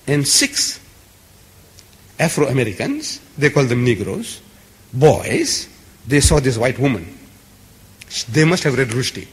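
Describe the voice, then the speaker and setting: A man's voice: medium pitch, sing-song, slow pace, long pauses. A man giving an impassioned public lecture, speaking emphatically and stacking long repeated lists. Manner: emphatic, repetitive, building lists. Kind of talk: impassioned lecture to a live audience. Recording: echoey hall.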